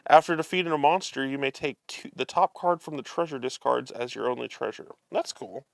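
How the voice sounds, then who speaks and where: A man's voice: medium pitch, a little fast, vocal fry, few pauses, fairly bright tone, no echo, studio quality. A man hosting a live show, chatting casually as he unboxes a card game and reads the cards aloud, amused and chuckling often.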